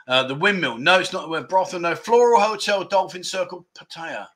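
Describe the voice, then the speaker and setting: A man's voice: fairly high pitch, expressive, brisk, fairly bright tone. A man hosting a casual livestream, reading out viewer guesses and teasing the chat in a jokey way. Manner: jokey, banters with chat, lots of mate and no. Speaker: livestream host.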